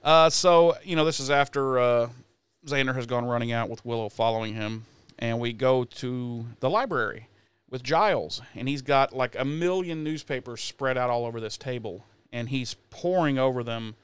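A man's voice: medium pitch, normal speed, clear, resonant tone, no echo. A man co-hosting a podcast, joking and swearing casually while recapping an episode. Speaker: podcast co-host.

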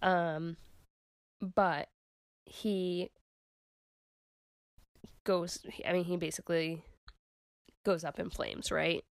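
Chatty woman with a low voice. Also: steady tone, very slow, gravelly, pauses often, no echo. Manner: chatty, filler-heavy retelling with 'like' and 'um'. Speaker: podcast co-host. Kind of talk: casual chat recapping a TV episode.

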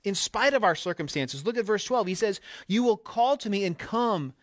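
A man preaches with a fairly high voice and an emphatic, conversational delivery. He slips into quoted asides as he talks to the congregation. The sound is dry, with almost no room echo. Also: animated, moderate pace. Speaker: pastor. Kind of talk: sermon.

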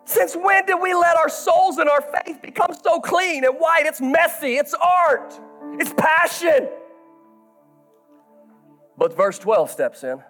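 High-voiced impassioned male preacher. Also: lively intonation, slow pace, soft background music. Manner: impassioned, swings from hushed to shouting; folksy, talks straight to the congregation. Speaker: pastor. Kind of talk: sermon.

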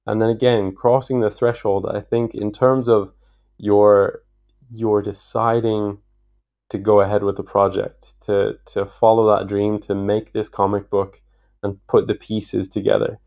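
Man, podcast host, lowish pitch, reflective, enthusiastic. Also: little pitch movement, unhurried, creaky, a little mellow. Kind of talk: podcast interview.

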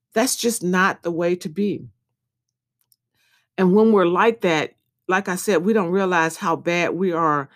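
A woman giving an earnest devotional podcast message, repeating phrases in a preaching cadence. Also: lowish voice.

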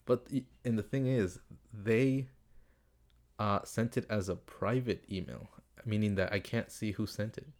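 A man's voice: fairly low pitch, fairly even intonation, measured pace, a little mellow. A young man hosting a casual advice podcast from home, rambling, swearing and drifting off topic as he reads listener questions. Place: home room with window, street noise outside. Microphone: desktop computer setup.

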